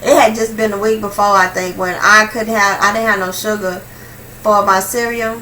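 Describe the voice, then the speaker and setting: A young woman vlogger telling a personal story in a casual, slangy, animated way, swinging between hushed and loud. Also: mid-range voice, moderate pace, distant mic, a little hiss or hum, poor audio.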